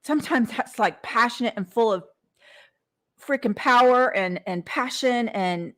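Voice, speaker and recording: This coach's voice is a little high and a bit bright, and she is unhurried. Hosting her motivational podcast, she talks earnestly without a script, repeating words and restarting often.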